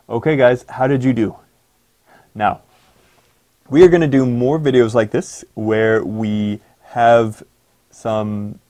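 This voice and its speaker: A man's voice: mid-range voice, darkish tone. A man teaching an English pronunciation lesson for exam students, giving instructions and emphatic reminders. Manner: slow deliberate dictation of example sentences.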